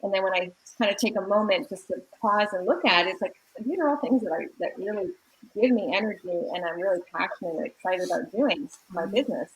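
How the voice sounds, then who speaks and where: A woman dating coach sharing her thoughts on a livestream, measured and thoughtful with fillers. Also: mid-range voice, rough recording. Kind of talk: livestream discussion.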